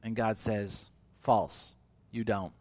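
A man preaching a sermon in an animated way, acting out quoted voices with big swings in pitch and loudness. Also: slow, no room sound. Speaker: pastor.

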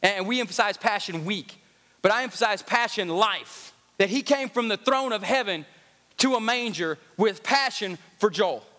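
A man's voice: high-pitched, moderate pace, sharp tone. A male pastor, preaching a sermon with rising fervor and sung, chanting cadences, recorded in a large reverberant hall.

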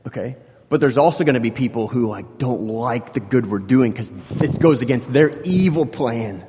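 A man preaching a sermon in a conversational way, shifting from quiet asides to loud, emphatic stretches. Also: medium pitch, animated, normal speed, breathy edge. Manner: conversational, swings between soft asides and loud emphatic bursts. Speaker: pastor. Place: church hall. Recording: long hall reverb.

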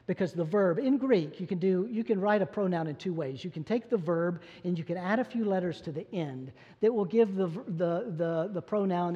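A man preaching a sermon, emphatic, shifting from loud declarations to low asides and chuckling now and then. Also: husky. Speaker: pastor. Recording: long reverb of a church hall.

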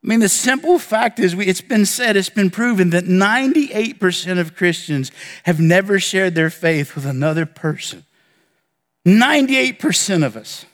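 A man preaching a sermon as pastor, earnest, with dramatic pauses and emphatic lists. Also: high-pitched, animated, fairly bright tone, big-room sound.

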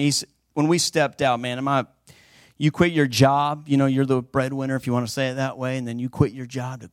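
A man preaching a sermon with fervent emphasis, swinging between loud declarations and hushed passages. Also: mid-range voice, no room sound, clean studio sound.

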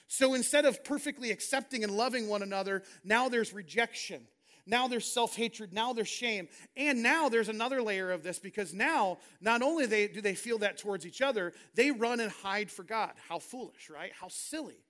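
A man's voice: high-pitched, normal speed, fairly bright tone. A man preaching a sermon as a pastor, reading scripture and paraphrasing it in an earnest, conversational way.

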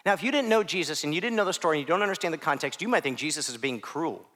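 Lively high-voiced male preacher. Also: racing. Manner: conversational, dips to soft hushed phrases; self-deprecating asides. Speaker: pastor. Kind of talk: sermon.

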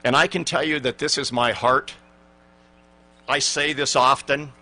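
Man in his sixties, pastor, emphatic sermon, bright forceful tone, middle pitch. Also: fairly even intonation, measured pace. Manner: earnest, emphatic preaching with quoted scripture.

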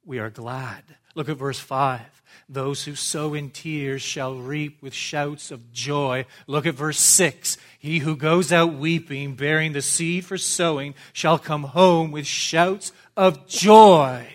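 A man's voice: a little high, fairly even intonation, takes it slowly. A man preaching an expository sermon as pastor, structured and emphatic, repeating phrases for stress. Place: church.

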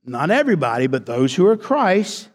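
A man's voice: very animated, normal speed. Preaching man in a reverberant hall. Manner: preaching with call-and-response to the congregation; rises in pitch and intensity as he presses a point. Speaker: pastor. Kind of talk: sermon.

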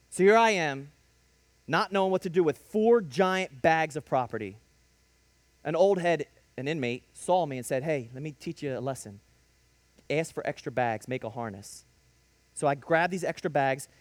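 A man with a fairly high-pitched voice shares his faith testimony in an emphatic, preacher-like storytelling style. His short, punchy sentences build into bursts, and the recording has no room sound.

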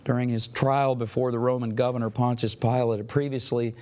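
A man delivers a sermon at a middle pitch. He retells scripture as a vivid story and gives the quoted speakers voices of their own. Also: little pitch movement, brisk, a little mellow. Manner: dramatic storytelling, voicing quoted lines. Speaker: pastor.

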